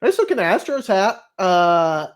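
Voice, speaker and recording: Ein Mann führt locker und plaudernd durch eine Produktvorstellung, mit vielen Füllwörtern. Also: male voice, high-pitched, measured pace. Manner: relaxed, rambling with fillers. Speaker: host. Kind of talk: casual product show chat.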